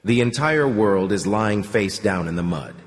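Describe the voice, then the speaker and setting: Low-voiced male audiobook narrator. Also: animated, a little slow. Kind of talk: scripted narration. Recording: long reverb.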